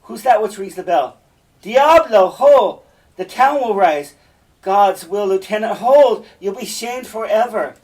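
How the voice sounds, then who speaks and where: A man acting out Iago, a scheming soldier, calling out in a loud, theatrical voice. The voice sits a bit back from the microphone. He puts the part on while reading the play aloud. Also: sits high, animated, unhurried, far from the mic, pitched above the performer's own voice, poor audio. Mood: alarmed. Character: scheming male soldier Iago, sly and false.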